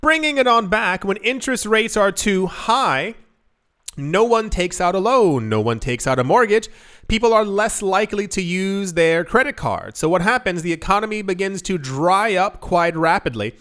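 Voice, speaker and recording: A man's voice: high-pitched, expressive, moderate pace, a bit bright. A young man hosting a crypto news show, talking in a loose, rambling way with many asides and self-corrections. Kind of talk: casual news commentary.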